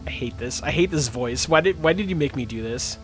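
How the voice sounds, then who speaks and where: A man's voice: medium pitch, lively intonation, a little fast, fairly bright tone, faint music behind. A man running and narrating a tabletop game on a livestream, with self-mocking asides. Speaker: game master.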